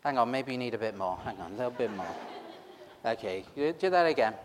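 A man's voice: mid-range voice, lively intonation, quick pace, a crowd in the background, background noise. A man preaching an interactive Easter sermon, chatty and teasing as he pulls the congregation in. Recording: long reverb of a large hall.

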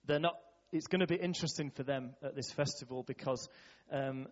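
A man's voice: mid-range voice, a little fast. Chatty man telling stories. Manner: chatty, laughing often, many fillers. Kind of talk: storytelling talk to a church audience. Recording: dull echoey hall.

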